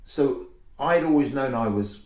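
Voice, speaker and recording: A man, a comedian guest, telling stories in a casual podcast interview, animated and acting out voices. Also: mid-range voice. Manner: animated storytelling, quick to act out voices. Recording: echoey room.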